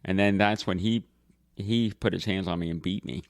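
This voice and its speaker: A man's voice: low-pitched, moderate pace. Laughing man telling a family story. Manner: animated storyteller, laughing while telling stories. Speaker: podcast co-host. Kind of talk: casual family chat.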